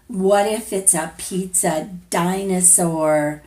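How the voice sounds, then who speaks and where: A woman teacher reads a picture book aloud to little children, gentle and playful. She takes it very slowly, with a lively pitch that rises and falls through every question she asks them.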